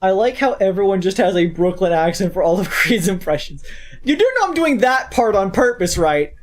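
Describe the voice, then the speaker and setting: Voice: mid-range voice, animated, fairly quick. A VTuber streamer chatting casually during a game stream, rambling and poking fun at themselves. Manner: rambling, joking, self-mocking.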